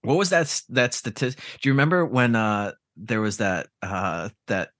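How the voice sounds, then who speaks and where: A man's voice: lowish voice, normal speed, fairly bright tone, dry recording, clean studio sound. A man in casual podcast chat, ranting with profanity and sarcasm.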